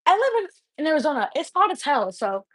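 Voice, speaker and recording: A woman's voice: sits high, big pitch swings, fast, fairly bright tone, no room sound, poor audio. A young woman and mother chatting casually with viewers on a home livestream, rambling and filling her talk with "like". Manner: rambling and chatty, heavy use of "like". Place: at home indoors.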